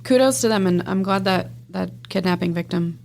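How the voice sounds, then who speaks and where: A woman's voice: fairly low pitch, brisk, vocal fry, darkish tone, a little hiss or hum. A woman from Texas co-hosting a crime podcast, reading news items aloud and chatting about them. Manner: conversational, reads news items aloud and comments. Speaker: podcast co-host. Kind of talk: casual chat, reading news headlines.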